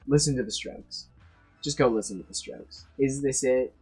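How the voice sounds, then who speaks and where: Profane ranting young man, husky voice. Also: mid-range voice, normal speed, a little mellow, faint music behind. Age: 20s. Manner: blunt, profane, emphatic rants with frequent restarts. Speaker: tier list video creator. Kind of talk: casual opinionated ranking monologue.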